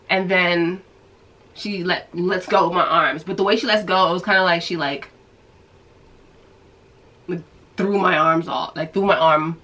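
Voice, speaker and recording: A woman from New York telling a story to her viewers in a casual, animated way, acting out the people she quotes. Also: fairly low pitch, a little slow, long pauses, low-quality recording. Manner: animated storyteller who acts out quoted voices. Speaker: vlogger.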